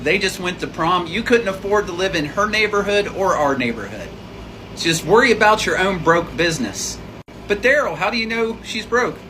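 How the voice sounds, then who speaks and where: Blunt man scolding over air-conditioner hum. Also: sits high. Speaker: reaction video commentator. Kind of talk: reaction commentary.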